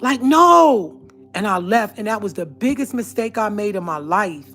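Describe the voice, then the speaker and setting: A woman's voice: medium pitch, fairly quick, soft background music. Earnest New woman telling her story. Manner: earnest, emphatic, addresses viewers directly. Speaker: vlogger. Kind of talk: personal testimony storytelling.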